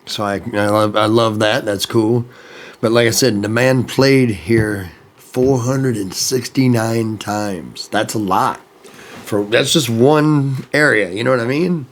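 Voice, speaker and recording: A man's voice: mid-range voice, slow. A man chatting casually in a rambling vlog, laughing at his own jokes. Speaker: music vlogger.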